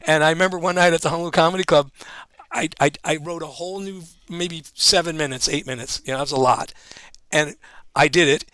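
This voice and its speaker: A man's voice: fairly high pitch, fast, bright, forceful tone, smooth, no echo. A Hawaiian man, a stand-up comic, telling stories in loose, joking chat full of "you know" and laughter. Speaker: stand-up comedian guest. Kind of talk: casual storytelling chat.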